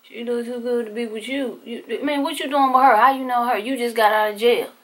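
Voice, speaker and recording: A nosy middle-aged father questions bluntly and suspiciously, his tone bright and prying, as the narrator plays him. He asks one question after another. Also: a little high, steady tone, fairly quick, voice pushed up.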